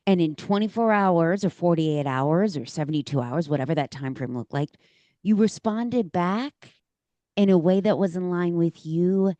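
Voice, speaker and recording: A woman's voice: fairly low pitch, normal speed, dark tone, no room sound, lo-fi sound. A woman hosting a podcast, chatting casually and encouraging her guest, often calling her "girl". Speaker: podcast host. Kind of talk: casual conversational interview.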